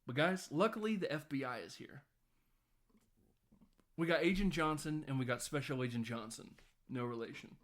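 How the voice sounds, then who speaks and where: A man's voice: mid-range voice, normal speed, long pauses. A man recapping a film in a casual podcast, rambling and laughing often. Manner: rambling, chuckling, lots of fillers. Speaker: podcast host.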